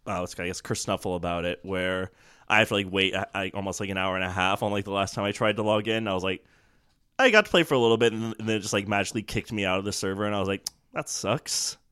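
A man co-hosting a casual podcast, easygoing and jokey, often breaking into laughter. His voice sits fairly low and is recorded dry and close. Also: racing, bright, forceful tone, smooth, no echo. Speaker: podcast co-host. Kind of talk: casual chat.

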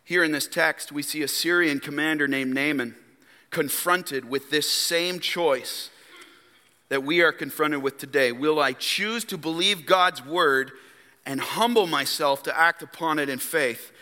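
A man's voice: fairly high pitch, unhurried, sharp tone. A man preaching a sermon as pastor, emphatic and calling on the congregation to respond. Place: church sanctuary. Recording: long hall reverb.

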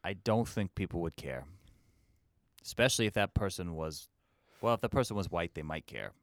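Rambling, crude, deadpan, a man as Lincoln, low voice, lively swings. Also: moderate pace, dry recording, clean studio sound. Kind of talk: casual comedic chat.

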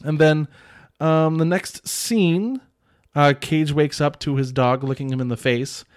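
A man's voice: on the high side, a little slow. A man hosting a podcast, casually recapping a film in a rambling way, with lots of filler words and restarts. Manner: rambling, many filler "like"s and restarts, chuckles often. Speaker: podcast host reviewing a film.

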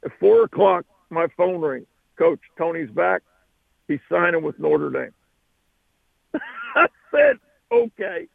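A man, a football coach, telling an animated recruiting story as a radio guest. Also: sits high, slow, gravelly, long pauses, husky, dry recording, narrow, tinny audio. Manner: animated, acts out the voices.

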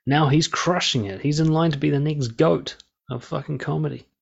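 A man's voice: a little high, normal speed, gravelly, breathy edge, highs cut off. A man giving a blunt, profane monologue of casual commentary, talking through his opinions.

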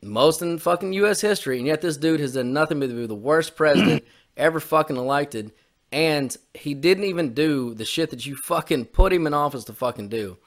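A man's voice: a little high, expressive, a little fast. A man co-hosting a podcast, ranting on politics in a heated, profane way. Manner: heated, profane, repetitive swearing. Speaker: podcast co-host. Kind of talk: opinionated political rant.

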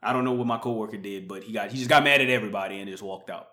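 A man hosting a podcast, telling a story casually, swinging from muttered asides to loud, animated bursts. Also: on the low side, rapid-fire. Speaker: podcast host.

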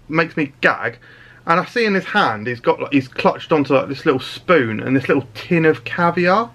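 A man's voice: on the high side, a bit bright. A man hosting a comedy podcast, telling absurd stories in a mock-serious, sweary way. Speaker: podcast host. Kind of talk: deadpan comedy podcast banter.

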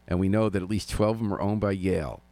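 Man, radio host, very deep voice, gravelly, dry sardonic asides, studio talk. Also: fast, mellow, no echo. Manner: wry, sardonic commentary. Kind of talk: local news talk radio with music.

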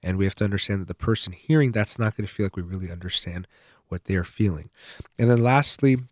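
Low-voiced man giving earnest advice. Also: quick pace, no room sound, clean studio sound. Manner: earnest, explanatory, stresses key words. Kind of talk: unscripted advice talk.

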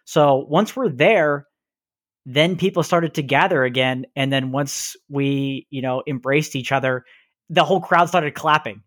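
A man co-hosting a podcast in casual chat over a video call, telling stories in a rambling, animated way. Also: a little high, measured pace, no echo, studio quality. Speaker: podcast co-host.

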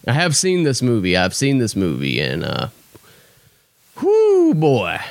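Lively joking male podcast host. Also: low-pitched, normal speed, gravelly, no echo. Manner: jokey, swings between excited and mock-tearful. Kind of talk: casual comedic monologue.

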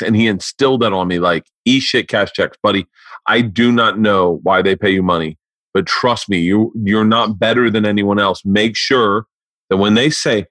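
Profane, animated man in his forties. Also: on the low side, no room sound. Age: 40s. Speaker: podcast host and comedian. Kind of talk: casual storytelling chat.

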